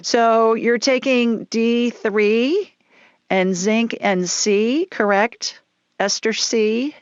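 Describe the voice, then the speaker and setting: A woman's voice: fairly high pitch, fairly even intonation, very slow, clear, resonant tone, no echo, dull audio. A woman hosting a psychic call-in radio show, chatty and down-to-earth, with folksy phrases. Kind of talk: call-in show, casual and reassuring.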